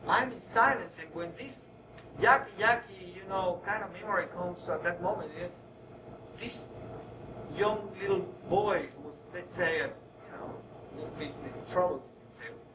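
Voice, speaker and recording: A man from Egypt giving a reflective lecture, halting and searching for words. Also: high-pitched. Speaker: guest lecturer. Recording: echoey room, far from mic, noisy.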